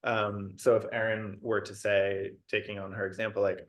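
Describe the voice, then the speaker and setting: A man with a lower voice speaks as a podcast guest who coaches and mediates conflict. He lays out his method in a practical, step-by-step way, pausing on fillers as he goes. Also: level tone, a bit bright. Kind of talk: casual podcast conversation.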